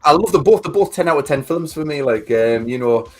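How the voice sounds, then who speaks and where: A man's voice: a little high, lively intonation, brisk, darkish tone, faint music behind. A man in his forties co-hosting a livestream, telling stories in a chatty, casual way and swearing freely. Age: 40s. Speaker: livestream co-host. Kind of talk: casual chat.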